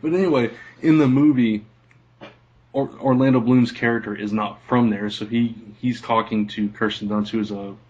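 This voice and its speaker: A man's voice: medium pitch, fairly even intonation, moderate pace, darkish tone, slightly rough, highs cut off. A man co-hosting a casual podcast, who laughs a lot and keeps wandering off into side stories. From lives in Kentucky, not born there. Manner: laughs often, rambles off on sidetracks. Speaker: podcast co-host. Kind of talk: casual chat.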